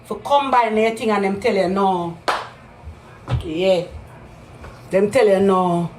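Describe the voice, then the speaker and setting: A woman with a Jamaican accent on a heated live-stream rant, repeating accusations and breaking into loud outbursts. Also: medium pitch, fairly even intonation, slow, reverberant, a little hiss or hum.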